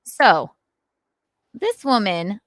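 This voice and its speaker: A woman hosting a casual live stream, animated and swearing as she acts out scenes. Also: medium pitch, no room sound, studio quality. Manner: animated, swearing, acting out scenes with quick voices. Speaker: podcast host.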